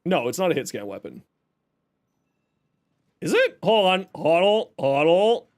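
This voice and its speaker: Young man, game streamer, casual chat, joking, animated pitch. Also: unhurried. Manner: chatty, jokey, reads chat aloud and explains builds.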